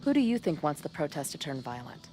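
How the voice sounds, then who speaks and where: A woman voicing a calm, curious young woman asking questions in a video game. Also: sits low, fast, soft background music. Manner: even, questioning.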